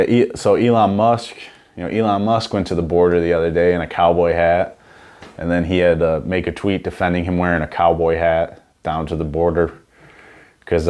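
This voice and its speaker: Young man, very low voice, comedy podcast host, rambling, crude, casual riffing. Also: darkish tone, clear, resonant tone. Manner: rambling, profane, full of "you know what I'm saying".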